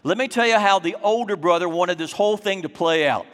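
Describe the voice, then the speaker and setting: A man preaching a sermon, dramatic and acting out scenes, slowing down for emphasis in a church hall. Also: high-pitched, fairly bright tone.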